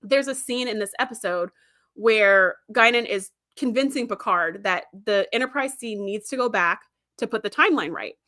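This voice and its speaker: Chatty woman host, casual livestream commentary, laughs often, sharp bright tone. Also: mid-range voice, normal speed.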